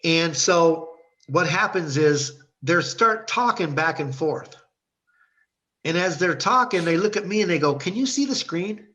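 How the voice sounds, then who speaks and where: A middle-aged man from Ohio, USA, joins over a video call as a guest to share his faith testimony, earnest and storytelling, acting out the dialogue he quotes. His fairly high voice is unhurried, pushed and bright, though the audio is dull.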